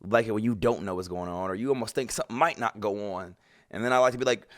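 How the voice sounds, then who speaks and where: A man giving casual, animated reaction commentary as a streamer, slangy and swearing freely. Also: on the low side, quick pace.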